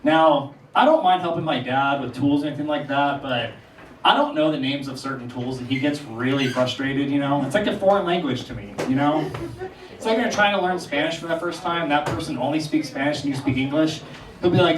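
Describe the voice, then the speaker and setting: A young man performing a stand-up comedy set on a small theater stage, telling animated stories and firing off incredulous questions. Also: fairly high pitch, a little fast, noisy background. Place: small theater stage before a live audience. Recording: distant roomy mic with crowd laughter.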